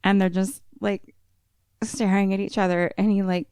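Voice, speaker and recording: A woman podcast co-host casually retelling a film plot, animated and swearing often. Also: medium pitch, moderate pace, clear, resonant tone, no room sound, studio quality.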